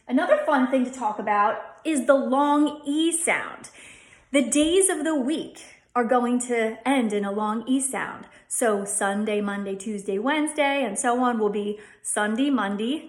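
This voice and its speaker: A woman with a Delco accent gives a phonetics lesson at a whiteboard. She talks slowly in a slightly high voice and repeats each example sound several times. The room gives her voice a noticeable echo. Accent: Delco (Delaware County, Pennsylvania). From Delaware County, Pennsylvania. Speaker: dialect coach.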